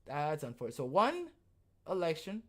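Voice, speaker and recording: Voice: medium pitch, huge pitch swings, moderate pace, fairly bright tone. Sarcastic podcast host, laughing often. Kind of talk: live news commentary chat.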